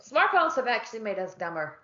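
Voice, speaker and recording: A woman's voice: fairly high pitch, big pitch swings, fairly quick, pushed and bright, roomy sound, lo-fi sound. A woman co-hosting a casual chat podcast, joking and trailing off mid-sentence. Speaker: podcast co-host. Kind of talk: casual chat over wine.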